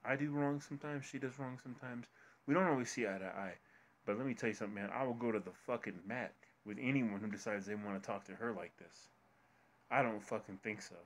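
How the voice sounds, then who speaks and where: Furious ranting man, loud and swearing. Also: mid-range voice, fairly even intonation, fast talker. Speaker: commentary co-host. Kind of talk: angry reaction commentary.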